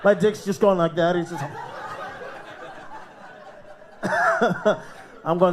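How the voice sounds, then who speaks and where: A man's voice: high-pitched, a little slow, crowd noise. An Australian man hosting a live comedy night and doing crude stand-up, swearing and laughing at his own jokes. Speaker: comedy show host and comic. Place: live comedy club stage.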